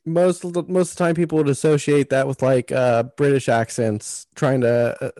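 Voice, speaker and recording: A man's voice: medium pitch, steady tone, moderate pace, dark tone, dry recording. A man co-hosting an interview, laid-back, offering short remarks. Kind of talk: casual interview chat.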